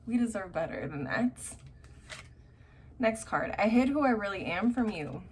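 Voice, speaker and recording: A woman's voice: medium pitch, lively intonation, measured pace, husky. Blunt, feisty woman reading tarot. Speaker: tarot reader. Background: faint construction noise.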